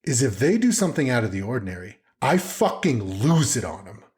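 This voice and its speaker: A man co-hosting a casual parenting podcast, animated and swearing freely as he acts out his stories. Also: mid-range voice, fairly quick. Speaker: podcast co-host.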